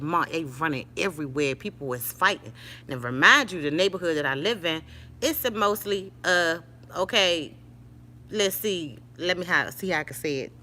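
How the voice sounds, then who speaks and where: An older woman telling a story to her live-stream viewers in a casual, animated way. She calls them y'all and honey and speaks. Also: low-pitched, slight background noise.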